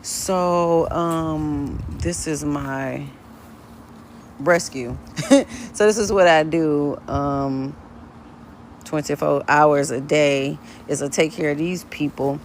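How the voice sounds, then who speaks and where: A woman who runs a dog rescue, chatting casually on a live stream in her backyard, switching between high baby talk to the dogs and a relaxed tone for viewers. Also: slow pace, a little hiss or hum. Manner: drops to a low, relaxed tone when explaining to viewers. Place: outdoor backyard. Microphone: phone.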